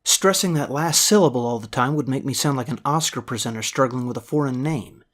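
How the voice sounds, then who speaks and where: A man's voice: mid-range voice, brisk, fairly bright tone. A man with a Midwestern accent delivering a blunt, sardonic opinion monologue as a radio commentator. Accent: American Midwestern. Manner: sardonic, blunt, with jokey asides.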